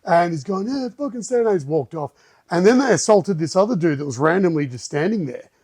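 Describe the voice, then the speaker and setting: A man telling a story as a podcast guest, animated and acting out other people's lines. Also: fairly high pitch, fairly quick, breathy edge, no room sound. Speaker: guest, martial arts gym owner. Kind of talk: casual storytelling in a podcast chat.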